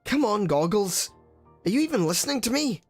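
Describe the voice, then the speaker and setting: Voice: medium pitch, big pitch swings, fairly quick, faint music behind, voice pushed up. A streamer voicing an eager, headstrong young female researcher in a game, talking in an impatient, pushy way.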